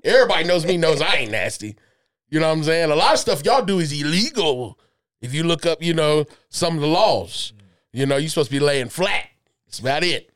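A man hosting a casual podcast chat, animated and teasing. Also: on the high side, fairly quick. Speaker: podcast host.

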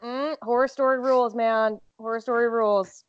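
A woman's voice: fairly high pitch, fairly even intonation. Woman joking over a lo-fi podcast. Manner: chimes in with quick joking asides. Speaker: podcast co-host. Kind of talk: casual podcast chat. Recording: dull lo-fi podcast audio.

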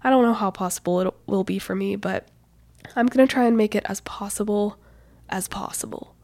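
A woman's voice: mid-range voice, brisk, darkish tone, no echo. Breathless, stuffy-nosed young woman podcasting. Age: 20s. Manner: chatty, rambling, lots of "like" and "you know". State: stuffy nose. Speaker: podcast host. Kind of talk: casual solo podcast chat.

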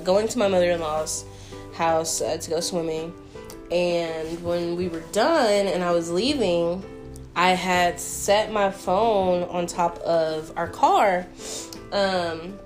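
A young woman telling a story in a chatty, animated way, full of fillers, answering viewer questions. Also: lowish voice. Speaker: vlogger. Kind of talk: casual Q&A storytelling.

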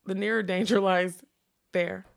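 A woman's voice: medium pitch, fairly even intonation, unhurried, gravelly. A woman voicing a wry magician with no magic. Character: wry middle-aged male magician without magic. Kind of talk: reading a novel aloud.

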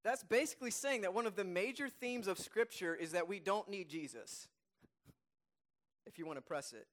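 A male pastor delivering a Sunday sermon in a slightly higher voice. He leans hard on key phrases and says them twice. When he reads scripture he slows right down and softens. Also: animated. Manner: emphatic, repeats key phrases; reads scripture slowly and softly.

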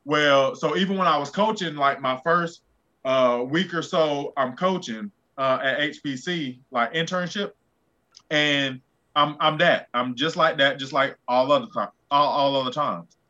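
Bright-voiced man, energetic coach storytelling. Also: fairly high pitch, unhurried, dull audio. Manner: energetic storyteller, many fillers. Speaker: football coach. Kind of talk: casual podcast chat.

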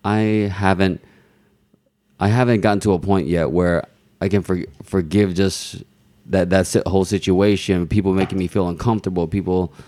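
A man with a very low voice tells a long personal story in a loose, rambling way. He keeps poking fun at himself and laughs now and then. The sound is dry and close. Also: steady tone, normal speed, mellow, no echo. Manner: rambling and self-deprecating, with restarts; laughs while telling stories. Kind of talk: casual conversation, personal story.

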